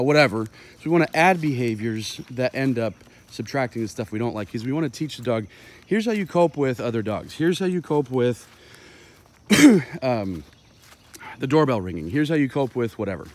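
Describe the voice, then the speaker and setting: A man's voice: medium pitch, lively intonation, moderate pace. A man, a dog trainer, explaining his methods in a loose, impromptu way on an outdoor walk, thinking aloud with plenty of fillers.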